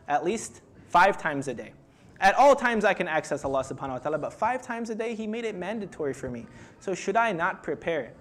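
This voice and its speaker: A young man delivering an emotional religious sermon, retelling a tradition and building to loud, pleading intensity. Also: sits high. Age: young adult. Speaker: speaker at a mourning gathering.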